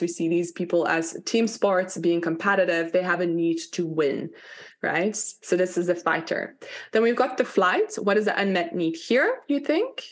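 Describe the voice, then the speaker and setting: A woman leading a live online workshop, talking candidly and chattily, full of "like" fillers and blunt swearing. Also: lowish voice. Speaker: workshop facilitator.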